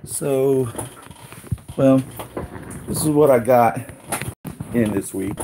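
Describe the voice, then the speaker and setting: A man's voice: mid-range voice, slow pace, noisy background. A man hosting a casual live unboxing stream, talking in an easygoing, rambling way with asides to his viewers.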